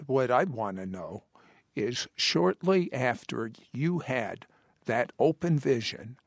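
Slow, earnest man hosting a faith interview. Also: mid-range voice, vocal fry, dry recording, clean studio sound. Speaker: host. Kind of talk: Christian TV interview.

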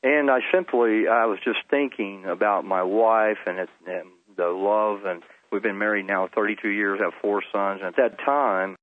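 Middle-aged man, low-pitched, dry tinny phone audio, earnest testimony. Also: normal speed, no echo. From Texas. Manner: earnest storytelling with restarts. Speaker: phone-in guest. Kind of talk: personal testimony. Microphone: telephone.

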